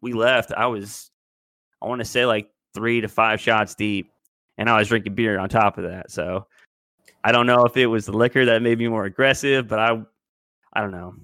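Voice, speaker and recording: A man's voice: on the low side, fairly even intonation, normal speed, pushed and bright, no echo. A man in his twenties telling a long story in casual podcast chat, rambling and loose. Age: 20s. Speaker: podcast co-host.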